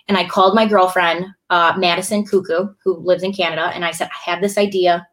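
A young woman, a bartender, telling her story in a casual chat, animated, swearing and acting out what people said. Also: fairly low pitch, a little fast, hardly any pauses. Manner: animated, swearing, acts out her own quotes. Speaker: bartender and show guest.

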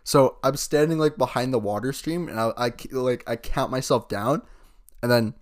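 At normal speed and in a mid-range voice, a late-teen podcast co-host chats casually. His talk wanders from story to story, punctuated by frequent laughter and plenty of swearing.

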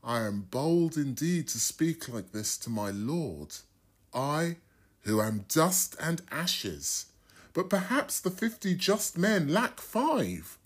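A man's voice: fairly high pitch, sing-song, slow, slightly rough, pitched above the performer's own voice, heavily acted. A man voicing a humble old patriarch who earnestly pleads with rising, imploring questions. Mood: pleading.

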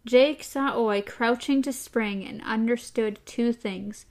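A woman's voice: fairly high pitch, slow, hardly any pauses, a little mellow. A woman reading a novel aloud expressively and chatting about it with a co-host. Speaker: reader and co-host.

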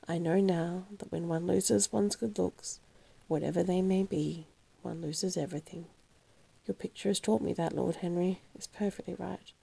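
Vain young gentleman in anguish read by a woman, gravelly and husky, storybook reading. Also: mid-range voice. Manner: impassioned, pleading. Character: vain young man in anguish over aging.

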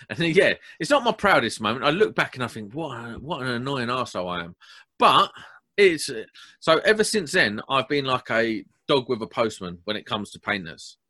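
A young man tells a story on a casual podcast, blunt and animated. His voice has a bright, forceful edge. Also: medium pitch, moderate pace. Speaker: podcast host.

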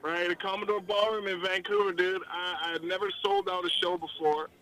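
A man telling stories as a country singer guest in a casual podcast chat, excitable and slangy with lots of restarts. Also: high voice, brisk, low-quality recording.

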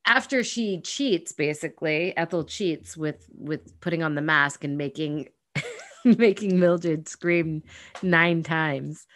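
A woman with a low voice co-hosts a casual podcast chat. She is playful and laughs easily as she talks. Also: slow, a bit bright. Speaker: podcast co-host.

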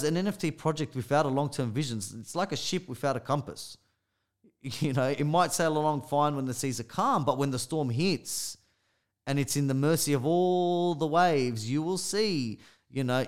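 A man with an Australian accent co-hosting a casual podcast, talking emphatically and often addressing listeners directly. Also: on the high side. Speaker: podcast co-host.

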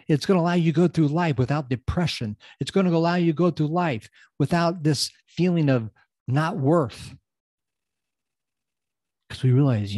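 A man's voice: mid-range voice, no room sound. Preachy motivational man, dry close sound. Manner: preachy, repeats phrases, swings from loud emphasis to quiet asides. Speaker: podcast host. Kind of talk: motivational talk.

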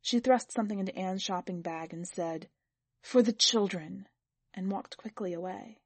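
A woman editor reading a short story aloud in even, measured narration. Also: lowish voice, breathy edge, no room sound. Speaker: podcast editor and story reader. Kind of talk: scripted narration.

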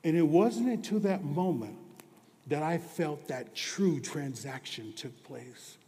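Pastor guy preaching a sermon, kinda high voice, slow and earnest, big echoey church hall. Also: lively intonation. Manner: earnest, swings between hushed and emphatic preaching. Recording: long reverb of a large hall.

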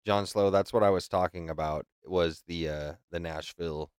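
A man hosts a podcast and talks in casual chat. His voice sits fairly low and sounds smooth and clear, and he swears a lot as he swings between loud ranting and quiet, subdued talk. The sound is dry and close. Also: steady tone, normal speed, no echo. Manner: heated, profane, swings from yelling to subdued. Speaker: podcast host.

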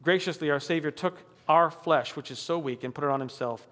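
Male pastor, high voice, emphatic sermon delivery, reverberant church hall. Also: fairly bright tone. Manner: emphatic preaching, rising on key declarations, dropping low and slow for scripture.

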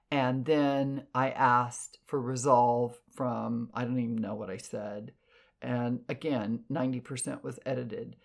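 A woman clairvoyant telling stories in an animated, expressive way. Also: vocal fry. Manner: animated, expressive, jumps in pitch for emphasis. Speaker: clairvoyant podcast guest. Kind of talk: casual storytelling.

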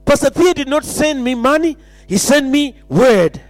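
A man's voice: very high voice, lively intonation, normal speed, no room sound. A man preaching an impassioned sermon, repeating phrases and stumbling into restarts.

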